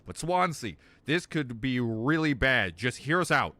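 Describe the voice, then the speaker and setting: A man plays a gruff, stubborn ship captain with a lazy Southern drawl, brushing off every plea. The voice is bright and swings widely in pitch. It is a let's-play character voice. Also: very animated, a little slow, no room sound. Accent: Southern US drawl, put on. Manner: drawling, dismissive.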